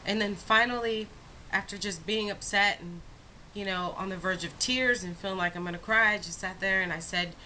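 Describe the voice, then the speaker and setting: A young woman vlogging, her voice bright and clear as she tells a personal story. She talks in a casual, animated way, drawing the listener in with quick asides. Her pitch sits in an ordinary middle range for a woman. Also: a little hiss or hum, poor audio. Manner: animated, expressive retelling with rhetorical asides.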